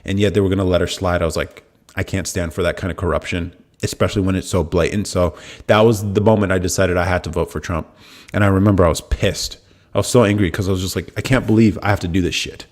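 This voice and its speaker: A young American man hosting a live podcast, telling a story in a casual, animated way and swearing freely. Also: low voice, fast talker. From United States. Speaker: podcast host. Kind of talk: casual livestream talk.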